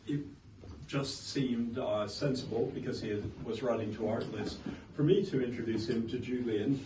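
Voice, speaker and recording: A man giving a hesitant, informal speech at a book launch, full of ums and asides. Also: medium pitch. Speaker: guest speaker at a book launch. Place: indoor event room with guests. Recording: echoey room, distant mic, noisy.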